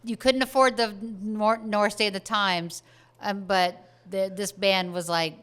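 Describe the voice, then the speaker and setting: A woman's voice: mid-range voice, fairly even intonation, unhurried, fairly bright tone. A woman co-hosting a podcast, chatting casually about a movie in an easygoing way, with many fillers and agreeing murmurs. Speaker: podcast co-host.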